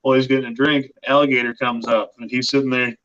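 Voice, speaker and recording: A man telling a joke in a casual livestream chat, with animated delivery, over a dull lo-fi recording. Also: medium pitch, fast talker. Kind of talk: casual storytelling. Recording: dull lo-fi sound.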